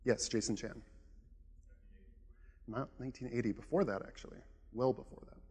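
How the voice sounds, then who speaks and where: A man giving a conference talk in a relaxed, conversational way with frequent "uh" fillers, recorded with a presenter mic in a conference hall. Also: medium pitch, moderate pace, slightly rough. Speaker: conference speaker.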